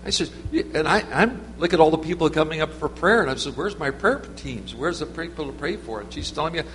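A man's voice: on the high side, lively intonation, quick pace, fairly bright tone. A man preaching an informal sermon, telling stories in a rambling, conversational way with many restarts. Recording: reverberant hall with faint hum.

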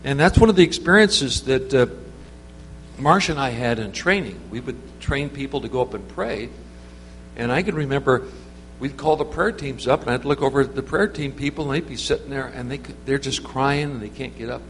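A man with a mid-range voice preaches an informal sermon briskly, telling stories in a rambling, conversational style full of restarts. The recording has a reverberant hall sound with a faint hum.

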